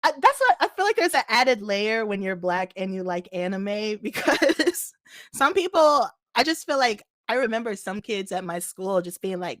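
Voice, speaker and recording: A young woman co-hosting a casual chat, animated and laughing often. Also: a little high, moderate pace, no room sound, studio quality. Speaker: podcast co-host.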